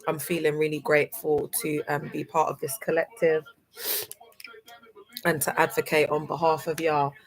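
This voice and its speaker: Young adult woman, lower voice, teary and sniffling, effusive livestream host. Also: level tone, moderate pace, poor audio. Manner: tearful and effusive, greeting viewers by name. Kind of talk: emotional livestream chat.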